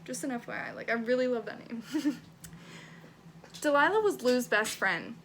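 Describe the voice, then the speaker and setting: A woman's voice: sits high, animated, moderate pace, fairly bright tone, a little hiss or hum. A young woman vlogging casually, reading her old teenage writing aloud, swearing freely and laughing at herself. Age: young adult.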